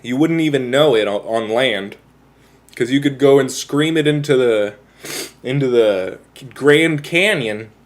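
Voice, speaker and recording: A man's voice: medium pitch, measured pace. A man chatting casually with his livestream viewers, rambling, self-mocking and swearing freely. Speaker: live streamer.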